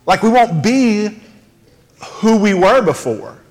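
High-voiced male pastor, echoing hall. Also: sing-song, slow. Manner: conversational, emphatic preaching with asides. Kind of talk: sermon. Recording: long hall reverb.

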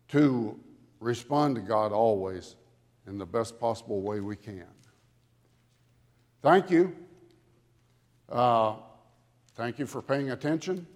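A man preaching a sermon to a congregation with dramatic emphasis, building to loud peaks on key words. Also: mid-range voice. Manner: dramatic, slow emphatic delivery with swelling loudness. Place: church sanctuary. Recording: long hall reverb from a church. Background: congregation audience.

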